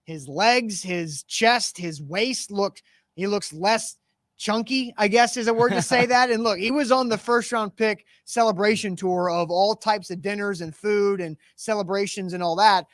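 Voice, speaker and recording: A man's voice: high voice, unhurried, fairly bright tone, dry recording, clean studio sound. A man hosting a live sports talk show, chatting casually about football and reading sponsor plugs with energy. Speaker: sports podcast host.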